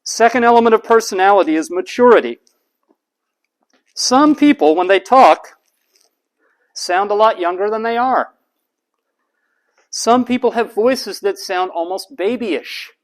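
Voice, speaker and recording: A man, a college lecturer giving a deliberate lecture and repeating key terms slowly. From United States. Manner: demonstrates voice types, drops to flat low monotone for examples.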